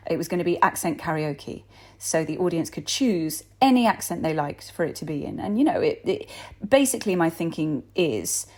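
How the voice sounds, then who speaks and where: A woman in her thirties, a stage actor and accent coach, telling a chatty, self-deprecating anecdote with lots of ums. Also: fairly low pitch. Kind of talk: casual anecdote.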